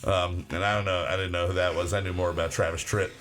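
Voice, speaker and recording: A man with a fairly low voice co-hosts a podcast in a loose, swearing, chatty way. He keeps restarting his sentences as he talks. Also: little pitch movement, fast talker, fairly bright tone. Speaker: podcast co-host. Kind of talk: casual podcast chat.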